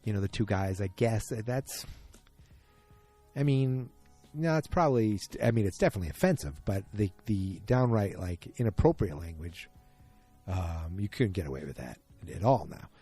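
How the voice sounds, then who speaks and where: A man's voice: lowish voice, expressive, moderate pace, mellow, husky, soft background music. A man hosting a casual solo podcast, recapping an episode in a rambling, self-correcting way. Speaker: podcast host.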